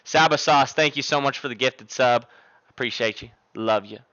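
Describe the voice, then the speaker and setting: Profane young man streaming, crisp dry voice. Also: mid-range voice, bright, forceful tone, no echo, dull audio. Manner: profane, rambling, thanks viewers rapidly by name. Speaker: live streamer. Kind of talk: casual live-stream chat. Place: home streaming desk. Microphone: desk microphone.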